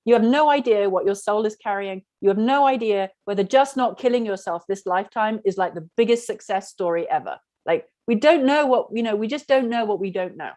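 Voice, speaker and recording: A woman's voice: medium pitch, animated, fairly quick, hardly any pauses, darkish tone, no room sound. A middle-aged woman teaching an online class, telling a personal story frankly and rambling, full of "like". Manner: frank, rambling, heavy use of "like". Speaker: spiritual workshop teacher.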